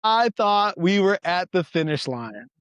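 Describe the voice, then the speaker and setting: A man telling a story as a podcast guest in casual chat, animated, loose and profane. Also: high voice, measured pace, clear, resonant tone, no echo.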